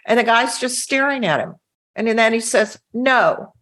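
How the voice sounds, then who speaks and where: A woman with a slightly raised, husky voice recounts an old in-flight incident. She tells it in a lively, anecdotal way and slips into the voices of the people in her story as she goes. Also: a little high, normal speed. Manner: lively anecdotal telling, acts out quoted lines. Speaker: former flight attendant. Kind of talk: storytelling in a podcast interview.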